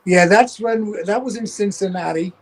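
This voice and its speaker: High-voiced older Geordie man, salty. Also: moderate pace, low-quality recording. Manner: salty, swears freely, rambling. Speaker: guest, veteran tour manager. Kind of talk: casual anecdotal storytelling.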